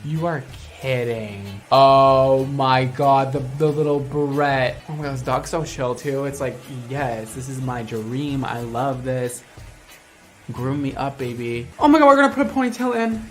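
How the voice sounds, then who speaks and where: A young woman gushing through a casual reaction commentary, excitable and full of fillers, swearing casually. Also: a bass voice, moderate pace, soft background music. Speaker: reaction video creator.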